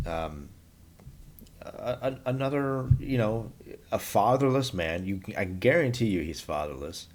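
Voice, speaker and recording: A man's voice: low voice, a little hiss or hum. A man giving a blunt, opinionated solo monologue to camera as a vlogger, rambling and restarting his sentences as he goes.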